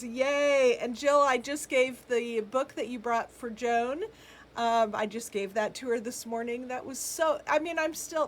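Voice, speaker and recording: A woman's voice: a little high, a little hiss or hum. Chatty woman hosting live sale. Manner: chatty, greets viewers by name, frequent ums and laughs. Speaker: boutique live-sale host. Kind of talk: casual live-stream chat reading viewer comments.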